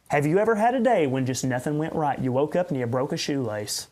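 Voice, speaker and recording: A man's voice: on the high side, animated, brisk, hardly any pauses, a little mellow. A man, a pastor hosting a podcast, rambling and ranting in unscripted commentary with sarcastic asides.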